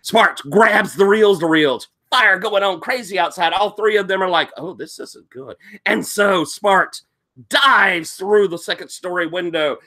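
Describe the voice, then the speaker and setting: A man running a tabletop game, recapping the session as an animated storyteller who acts out quotes and sound effects. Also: high voice, measured pace. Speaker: game master.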